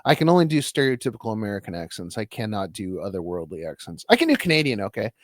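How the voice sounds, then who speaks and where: A man's voice: fairly low pitch, big pitch swings, quick pace, no echo, studio quality. A young man co-hosting a podcast in a loose, rambling chat, full of restarts and self-mocking asides. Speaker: podcast co-host. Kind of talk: casual chat.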